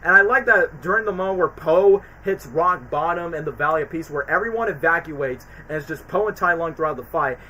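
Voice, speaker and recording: A man streaming a casual film ranking, talking in an excitable, rambling way with many fillers. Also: a little high, fairly quick, few pauses, a little hiss or hum, poor audio. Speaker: streamer reviewing films. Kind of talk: casual chat.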